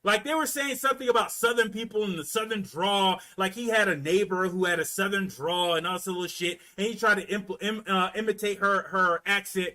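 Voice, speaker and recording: A man from Florida telling a story in a casual, animated rant, full of profanity and repeated words. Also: sits high, a little fast, hardly any pauses. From Florida, US South. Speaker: commentator.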